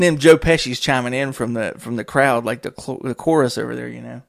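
A man with a gravelly, medium-pitched voice talks a little fast with fairly even intonation and barely pauses. As the solo host of a casual podcast, he rambles through one tangent after another, swearing and chuckling frequently.

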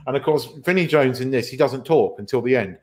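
A man's voice: mid-range voice, fairly quick. A man hosting a casual film podcast, rambling and correcting himself, with the odd swear word. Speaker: podcast host.

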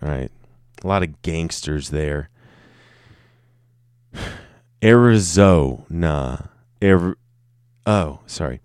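A man's voice: very deep voice, animated, slow pace, pauses often, darkish tone, smooth, dry recording, clean studio sound. A man talking alone in an offhand, joking way, swearing a lot and tripping over his words. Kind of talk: casual off-the-cuff monologue.

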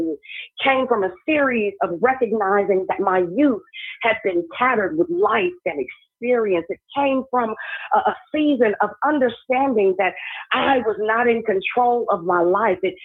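A woman's voice: mid-range voice, breathy edge. Woman preaching over a tinny phone line. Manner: conversational, storytelling, checks in with the audience. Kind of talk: sermon.

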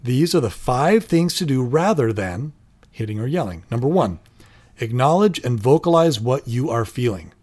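A man's voice: medium pitch, big pitch swings, normal speed, darkish tone. Earnest man giving parenting advice. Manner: earnest, acts out little quoted lines. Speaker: parenting show co-host. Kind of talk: casual advice chat.

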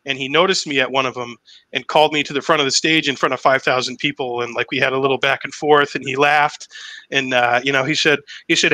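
Bright, chatty man with a dry close sound. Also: mid-range voice, fairly even intonation, fast talker, dry recording, rough recording. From Massachusetts, USA. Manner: chatty, profane storytelling. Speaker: impressionist guest. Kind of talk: casual podcast chat.

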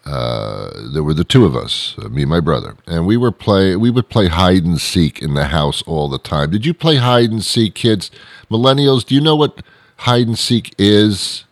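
A man's voice: deep voice, lively intonation, normal speed, no room sound. A middle-aged man telling a rambling comic story, with digressions and sarcastic asides. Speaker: comedic storyteller.

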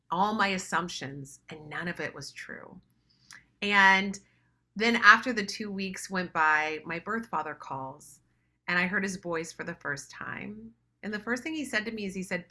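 Earnest, bright-voiced woman storyteller. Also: medium pitch. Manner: earnest, emotional, laughing at herself. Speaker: speaker. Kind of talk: personal storytelling talk.

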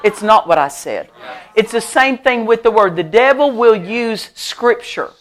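A middle-aged woman pastor preaching a sermon at a church service. She tells stories with lively emphasis, laughs often, and repeats her key phrases. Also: fairly high pitch, unhurried. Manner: animated storytelling with frequent laughter.

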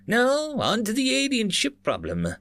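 A man's voice: very high-pitched, wildly swooping pitch, unhurried, gravelly, fairly bright tone, no echo, faint music behind, pitched above the performer's own voice, exaggerated voice. A man voicing a haughty noble alien who speaks in lofty, formal phrases.

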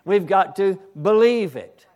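A male preacher delivering a fervent sermon. He often restarts his phrases, breaks in with exclamations of praise, and builds up to shouting. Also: high voice, lively intonation, unhurried.

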